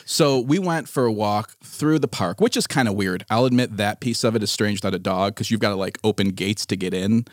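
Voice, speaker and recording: A man in his thirties or forties hosting a podcast, telling a story in casual chat, animated and exasperated, laughing often. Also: lowish voice, a little fast, hardly any pauses, no echo, studio quality. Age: 30s to 40s. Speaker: podcast host.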